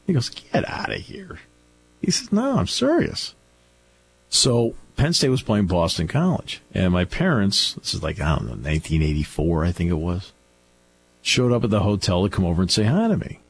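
A man's voice: deep voice, expressive, brisk, husky. A middle-aged man hosting a radio talk show, telling stories in a chatty way with restarts. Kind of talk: casual radio chat. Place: radio studio.

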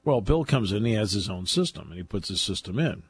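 A husky man talks football in a relaxed, chatty way, his voice sitting a little low. His pitch jumps around as he tells stories, and he laughs often. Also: fairly quick. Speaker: football analyst. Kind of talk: casual chat.

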